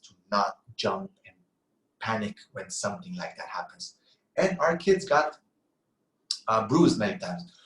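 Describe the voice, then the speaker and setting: A man's voice: on the low side, fairly bright tone, echoey room, low-quality recording. A middle-aged man giving an earnest sermon-style talk on parenting, asking rhetorical questions and answering them himself. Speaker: Islamic lecturer.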